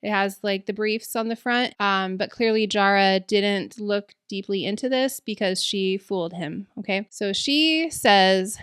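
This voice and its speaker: A woman serving as a school board trustee, telling a story in a chatty, animated way, full of "like" and "okay". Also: mid-range voice, moderate pace, hardly any pauses, clean tone, no echo, studio quality. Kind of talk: casual podcast storytelling.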